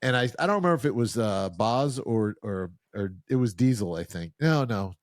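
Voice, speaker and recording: A man hosting a podcast, telling a story in a relaxed, chatty way. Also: fairly low pitch, a little fast, no echo, studio quality. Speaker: podcast host. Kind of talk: casual podcast chat.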